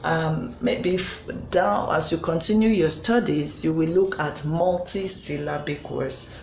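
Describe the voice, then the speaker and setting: A woman teaching a patient phonics lesson to young children, repeating each word slowly. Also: sits low, gravelly, a little mellow, echoey room, a little hiss or hum.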